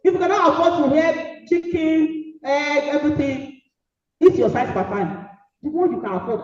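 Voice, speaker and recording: A middle-aged woman with a Nigerian accent giving an emphatic, preachy motivational speech, repeating maxims and sometimes shouting. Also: high-pitched, normal speed. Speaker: guest speaker. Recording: echoey hall, distant dull mic.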